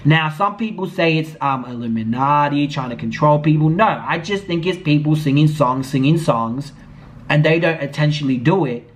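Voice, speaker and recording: A man's voice: fairly high pitch, normal speed. A man giving a blunt, indignant commentary vlog, swearing freely as he calls someone out. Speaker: YouTube commentator.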